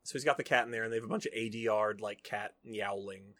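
A man hosting a podcast, retelling a film scene by scene in casual chat and acting out the characters' lines in quick put-on voices. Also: lowish voice, fairly even intonation, fairly bright tone. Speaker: podcast host. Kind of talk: casual movie recap chat.

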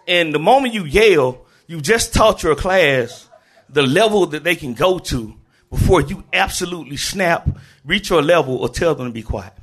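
A man who is a teacher, telling a personal story live on stage, animated, laughing often and shouting to the crowd. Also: sits high, slightly rough. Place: live event venue in Memphis.

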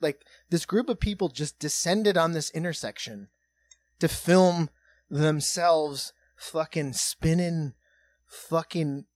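Profane, animated man telling a story. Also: fairly high pitch, slow, no echo. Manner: profane, animated, swings between hushed and loud. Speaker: comedy podcast host. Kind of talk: casual comedic storytelling.

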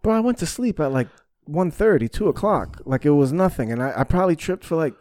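A man's voice: on the high side, lively intonation, fast talker, a little mellow, no room sound, clean studio sound. A man hosting a podcast, telling a personal story in frank, profane casual talk and acting out his own reactions. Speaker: podcast host.

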